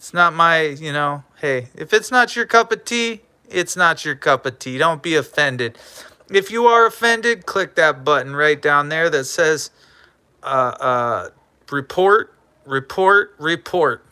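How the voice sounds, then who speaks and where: A man hosts a loose, rambling live stream in a smooth, clear voice with a bright edge. He jokes around, stumbles over his words and chats to a coin as if it could answer back. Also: fairly high pitch, measured pace, no room sound. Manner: talks to a coin as if it were a person.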